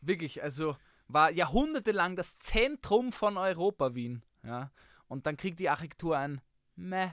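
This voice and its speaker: A man's voice: fairly high pitch, lively intonation, normal speed, a bit bright, no echo. A man with an Austrian accent, co-hosting a casual podcast with dry jokes. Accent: Austrian German. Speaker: co-host.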